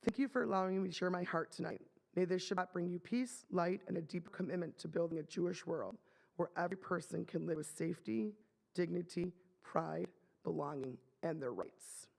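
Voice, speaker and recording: A man closes his words to a synagogue congregation with an earnest blessing. His voice sits high with a gravelly edge. It rings out in a long, echoing hall. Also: fairly even intonation, a little fast. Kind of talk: closing blessing. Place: synagogue sanctuary.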